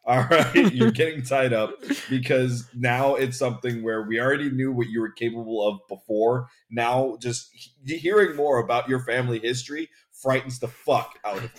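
A man's voice: mid-range voice, moderate pace. A man co-hosting a casual chat with friends, ranting and swearing a lot. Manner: swears a lot, rambling rants.

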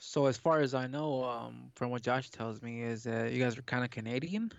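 A man's voice: medium pitch, moderate pace, creaky, no echo, dull audio. A man who is a guest on a casual chat, joking and laughing easily.

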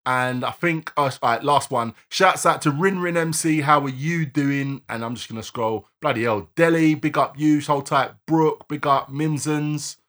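A man co-hosting a casual live-streamed podcast, bantering and reeling off shout-outs to listeners. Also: a little high, normal speed, hardly any pauses. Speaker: podcast co-host.

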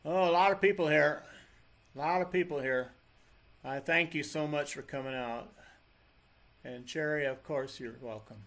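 A man's voice: fairly high pitch, moderate pace, long pauses, a bit bright. A man who is a folk rock singer, chatting loosely between songs at a live show, with frequent restarts. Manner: loose, meandering, many restarts. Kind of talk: rambling stage chat between songs. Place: live venue with an audience. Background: acoustic guitar playing.

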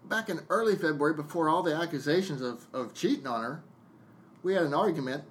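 A man's voice: on the high side, brisk, slight background noise. A man who works as a DJ, a guest on a casual podcast, venting a story bluntly with plenty of swearing and acted-out bits of dialogue. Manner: venting, blunt and profane, jumping into quoted dialogue.

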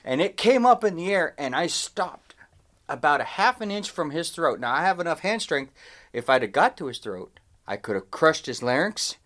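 At a moderate pace, a man whose voice sits on the high side recounts a lengthy personal story while chatting casually with a friend. The podcast co-host's telling is animated and rambling, full of self-interruptions and restarted sentences.

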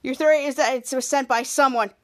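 A woman's voice: high-pitched, fairly even intonation, a little fast, natural voice. A woman reading the lines of a skeptical teenage boy sidekick, with a slight lift in her voice.

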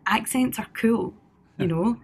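A woman's voice: mid-range voice, measured pace, breathy edge. A woman with a Scottish accent, a singer, talking in a chatty, rambling way with many fillers. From Scotland. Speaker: singer guest. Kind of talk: casual conversation.

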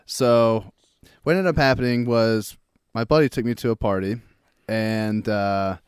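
A man's voice: lowish voice, fairly even intonation, measured pace, smooth, no room sound, clean studio sound. A young man telling a story on a casual podcast, laughing often, swearing and acting out what people said.

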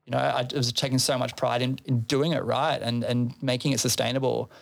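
A man's voice: medium pitch, little pitch movement, brisk, gravelly. A man who organizes a festival, telling a long story in casual chat, swearing freely and laughing between phrases.

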